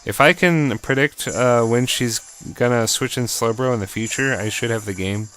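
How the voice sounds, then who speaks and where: A man casually commentating his own video game battle in an excitable, chatty, jokey way. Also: mid-range voice, moderate pace, clean tone.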